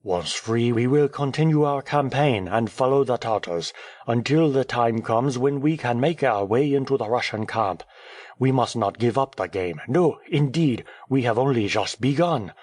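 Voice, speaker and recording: A man reading an audiobook, voicing a cheerful, talkative male French journalist who speaks in a brisk, airy, teasing way. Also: mid-range voice, darkish tone, no echo, clean studio sound, lightly acted. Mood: breezy.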